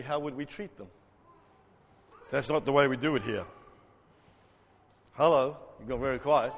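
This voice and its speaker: A man preaching an interactive sermon as pastor, lively and joking with the congregation, acting out voices. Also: on the high side. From South Africa. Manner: animated, acts out voices, jokes with congregation. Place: church hall. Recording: long hall reverb.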